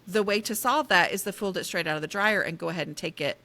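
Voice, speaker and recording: A woman talking casually in an interview, with a bright, forward voice. She speaks animatedly and pokes fun at herself, leaning hard on the words she wants to land. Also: on the low side, fast. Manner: animated, self-deprecating, emphatic. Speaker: guest author on decluttering.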